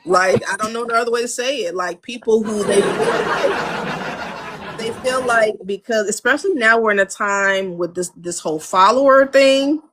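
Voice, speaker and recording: A woman's voice: on the high side, normal speed, slight background noise. An American woman, an audio engineer and producer, talking frankly in a casual interview, acting out studio exchanges and laughing often from her home studio. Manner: animated storyteller, acts out studio dialogue.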